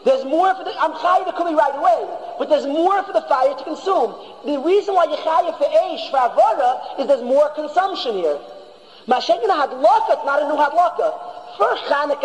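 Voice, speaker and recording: High-voiced rabbi in an echoing hall. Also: male voice. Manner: emphatic, repeats and restarts phrases. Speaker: rabbi teaching a class. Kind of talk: Torah lecture. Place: yeshiva hall. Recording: long reverb of a large hall.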